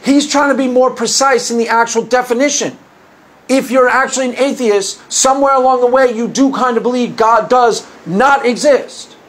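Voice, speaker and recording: High-voiced man arguing his faith. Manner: argumentative, sarcastic, mocks opponents' views; repeats and restarts phrases. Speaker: Christian apologist video host. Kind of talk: opinionated monologue to camera.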